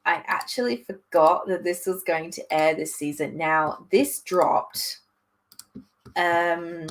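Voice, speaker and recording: A woman vlogger chatting casually about new anime, reacting in an excitable, gushing way. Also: lowish voice, slow, a little hiss or hum. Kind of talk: casual chat.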